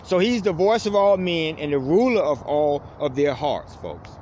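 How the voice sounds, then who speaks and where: Impassioned male preacher, animated delivery, tags phrases with a dropped-low "folks", faint urban noise in background. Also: normal speed. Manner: fervent, says "folks" after nearly every phrase, voice dropping low on it. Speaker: preacher addressing online viewers. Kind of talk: impassioned spiritual monologue.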